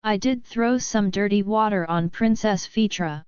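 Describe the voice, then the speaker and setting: A woman voicing a poised young noblewoman who speaks with calm courtesy. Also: mid-range voice, a little slow, smooth, no room sound, highs cut off, close to an everyday voice. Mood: composed.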